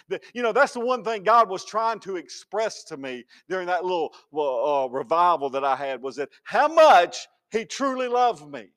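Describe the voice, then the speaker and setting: A man pastor preaching a sermon, emphatic, swinging between loud declarations and hushed words. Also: high-pitched.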